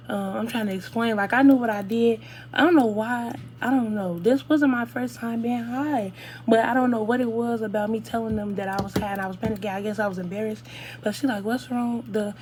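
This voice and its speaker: Young woman vlogger, casual rambling storytime, faint hum behind. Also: fairly high pitch. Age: young adult. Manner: rambling, animated retelling with slang.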